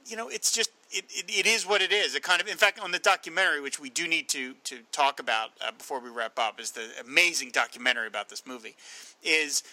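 A man's voice: fairly high pitch, bright, forceful tone, rough recording. A man giving his opinions on a film podcast in casual talk, hedging with "I mean" and "kind of" as he goes. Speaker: podcast panelist.

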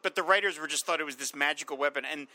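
Male co-host, casual rambling chat, bright voice, slightly high. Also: racing, no echo. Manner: rambling, amused, restarts often. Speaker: podcast co-host.

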